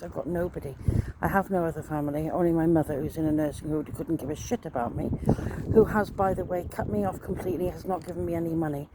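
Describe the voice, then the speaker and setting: A middle-aged woman talks in a distressed, rambling personal monologue, repeating herself often. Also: low-pitched. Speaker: vlogger. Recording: noisy background ambience.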